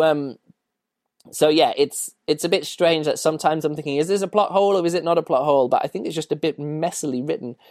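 A man's voice: on the high side, darkish tone, no room sound, clean studio sound. A man hosting a podcast, casually reviewing a book in a rambling way with many fillers and restarts. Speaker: podcast host.

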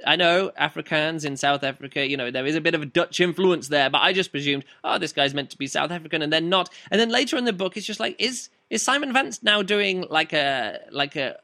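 Brief: man reviewer, chatty and hesitant, slightly high, bright tone. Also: lively intonation, brisk, hardly any pauses. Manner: rambling, hesitant, many fillers and restarts. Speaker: book reviewer. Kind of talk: casual chat.

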